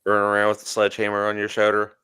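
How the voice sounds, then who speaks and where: Male co-host, low resonant voice, dry close mic, casual chatty banter. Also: completely flat delivery, racing, sharp tone, clear, resonant tone, no room sound. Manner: chatty, jokey, trails off. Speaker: podcast co-host. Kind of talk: casual livestream chat.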